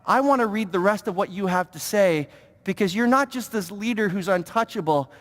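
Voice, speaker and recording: A man preaching a sermon as pastor, talking in an animated way with stammering restarts and repeated words. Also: high-pitched, fairly quick. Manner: animated, stammering repetitions, mock-pious impressions. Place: church sanctuary. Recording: long reverb of a church hall.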